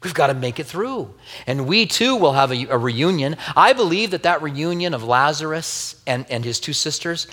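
A man's voice: on the high side, expressive, moderate pace, hardly any pauses, a bit bright. A man preaching a sermon as a pastor, telling a Bible story earnestly with wry asides and a tender, grieving personal tone. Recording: long hall reverb.

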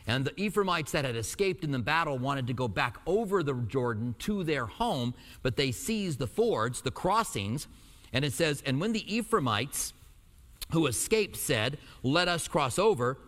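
A pastor from Albuquerque teaching verse by verse, reading scripture slowly and then explaining it in a conversational way with light jokes. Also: male voice, medium pitch, fairly bright tone. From Albuquerque, New Mexico. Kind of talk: verse-by-verse sermon. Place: church in Tucson. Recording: hall reverb.

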